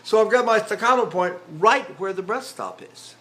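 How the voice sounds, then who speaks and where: An older man, a trained tenor working as a voice teacher, delivers a lecture on vocal technique in a high, slightly bright voice at normal speed. He breaks off into sung syllables and vowels as demonstrations, with fillers and restarts along the way.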